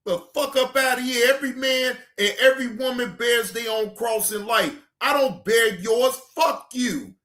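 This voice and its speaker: A male reaction channel host giving heated, profane ranting commentary, often shouting. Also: extremely high pitch, roomy sound.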